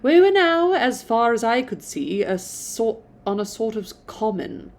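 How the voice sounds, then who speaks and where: A woman's voice: mid-range voice, gravelly, darkish tone. Woman reading a classic novel aloud. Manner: stumbles and restarts, self-commenting.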